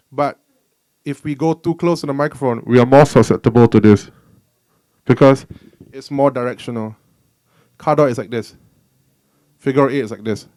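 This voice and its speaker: This dry recording captures a man of medium pitch and darkish tone teaching a home-recording workshop at a music store. As the instructor of the live demo, he rambles casually through mic technique, filling his talk with "like".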